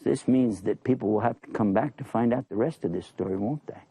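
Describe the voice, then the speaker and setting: A man casually telling a religious story in an animated, chuckling way. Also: lowish voice, a little fast, breathy edge, no room sound.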